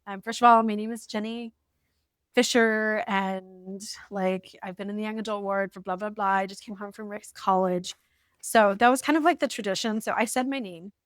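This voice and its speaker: Woman in her 40s reading from her journal, wry, lighthearted, middle pitch, dry close sound. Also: a bit bright, no echo. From United States. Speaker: vlogger. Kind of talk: storytelling while reading from an old journal.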